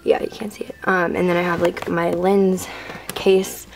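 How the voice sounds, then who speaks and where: A woman's voice: on the low side, little pitch movement, moderate pace, vocal fry, music in the background. A teenage girl giving a rambling, filler-heavy room-tour vlog to a handheld camera in her bedroom. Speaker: vlogger.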